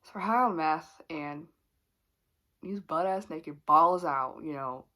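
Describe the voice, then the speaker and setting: Candid young woman with a lowish voice. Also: takes it slowly, bright, forceful tone. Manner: rambling and candid, full of fillers and laughs. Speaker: vlogger. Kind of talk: storytime confession.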